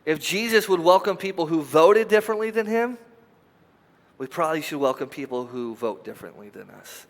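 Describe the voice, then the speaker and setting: A young man preaching a sermon as a pastor, animated and conversational, acting out quotes in a lively way. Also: on the high side, a little fast, long reverb tail. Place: church sanctuary.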